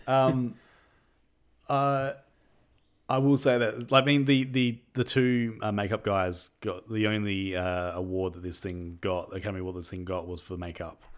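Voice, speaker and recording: Brief: male co-host, lowish voice, animated film chat, acts out quotes. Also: moderate pace. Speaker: podcast co-host. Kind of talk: casual chat about films.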